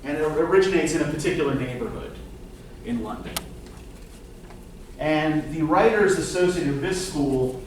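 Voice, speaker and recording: A male lecturer gives a relaxed classroom talk, full of "um"s and "right?" checks to the students. His voice sits a little high. It comes from a mic well away from him in a very echoey room, with a faint hiss behind it. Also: normal speed, pauses often, distant mic. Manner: conversational, many fillers and tag questions. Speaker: literature lecturer.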